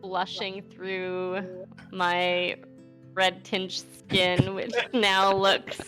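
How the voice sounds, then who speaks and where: Woman player at a dnd table, talks slow and measured, music faint behind. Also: medium pitch, little pitch movement, sharp tone. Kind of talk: casual chat at a tabletop game.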